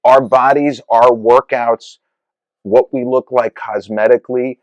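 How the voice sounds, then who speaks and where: A man's voice: mid-range voice, fairly even intonation, unhurried, dry recording, rough recording. Rambling, reflective podcast man. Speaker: podcast co-host. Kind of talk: casual chat.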